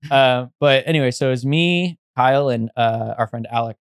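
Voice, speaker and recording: A man's voice: mid-range voice, normal speed, gravelly, smooth, dry recording, studio quality. A young man in casual chat, telling a long story that rambles with fillers and restarts.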